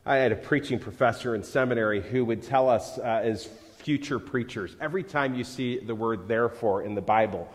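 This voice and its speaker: A man's voice: medium pitch, brisk, few pauses. A man preaching a sermon in a church, talking in a conversational way and rising into dramatic scripture readings. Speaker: pastor. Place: church sanctuary. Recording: live sermon in a large reverberant hall.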